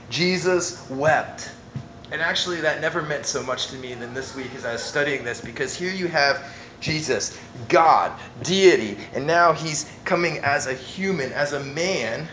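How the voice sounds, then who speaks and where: A man preaching a sermon, reading scripture aloud and swinging between emphatic stress and quiet, hushed lines. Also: a little high, slight background noise, low-quality recording. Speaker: pastor.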